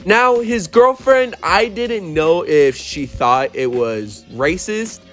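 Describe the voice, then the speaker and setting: A man's voice: high voice, lively intonation, takes it slowly, a bit bright, soft background music. A young man telling a storytime on his vlog, blunt and profane as he retells an argument at work. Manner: blunt, swears often, retells the argument animatedly. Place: worked in New Mexico.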